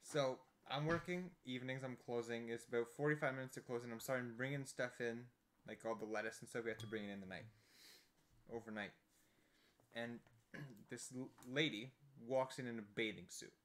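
A man's voice: medium pitch, moderate pace, fairly bright tone. A man telling a story in casual chat, laid-back and chatty, often checking in with "right?".

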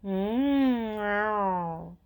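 Stubborn lazy storybook cat, smug and unhurried; woman reader puts him on. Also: mid-range voice, animated, clean tone.

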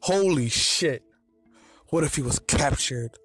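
A man's voice: on the high side, animated, takes it slowly, a bit bright, slightly rough, dry recording, soft background music, exaggerated voice. A man voicing an anxious, blunt young masked man in a read-aloud fan story. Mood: worried.

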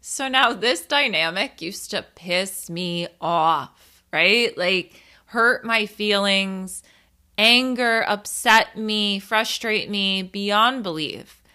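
Candid, slow-talking woman in her thirties. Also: medium pitch, sharp tone. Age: 30s. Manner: candid, swears, laughs at herself. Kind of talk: casual storytelling monologue.

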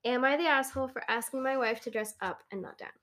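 A woman's voice: a little high, quick pace, fairly bright tone. A young woman co-hosting a casual podcast, reading posts aloud with a playful, giggly manner. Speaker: podcast co-host.

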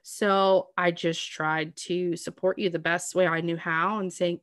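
A chatty woman with a lowish voice talks at length in casual, heartfelt conversation. She is earnest and reassuring, with many "like"s and "you know what I mean"s. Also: measured pace, few pauses, dry recording, clean studio sound. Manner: talkative, earnest, reassuring, full of "like".

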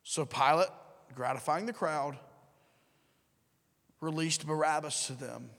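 Animated preacher in a reverberant hall. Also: male voice, on the high side, takes it slowly, vocal fry. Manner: animated, acts out crowd and Pilate, rising and dropping to near whisper. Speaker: pastor. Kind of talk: sermon.

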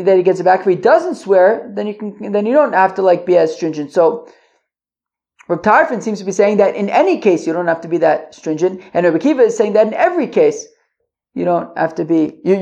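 A woman's voice: fairly low pitch, creaky, mellow. A woman hosting a casual Talmud study lesson, reasoning aloud, restarting her sentences and checking that listeners follow. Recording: dull lo-fi audio.

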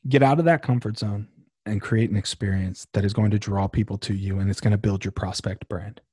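A young man hosting his own podcast, talking casually and emphatically with a slangy, animated delivery. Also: fairly low pitch, brisk, breathy edge, no echo, studio quality. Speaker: podcast host. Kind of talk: casual solo podcast talk.

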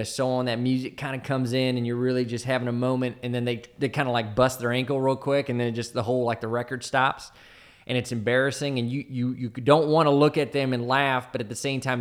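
A man's voice: mid-range voice, fairly even intonation, fast. A man who once led a military team, telling a personal war story casually and rambling with lots of fillers. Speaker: former team leader in the military.

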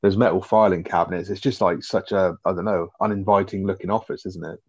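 A man's voice: low voice, fairly even intonation, fairly quick, darkish tone, husky, lo-fi sound. A man, chatting casually as a podcast co-host, rambling with lots of fillers and swearing. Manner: rambling, filler-heavy, swears, asks tag questions. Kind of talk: casual chat.

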